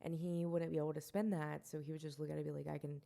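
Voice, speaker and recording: A woman's voice: low-pitched, level tone, very fast, gravelly, warm tone. A woman in her twenties hosting a solo podcast, rambling and self-mocking, swearing and laughing often. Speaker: podcast host.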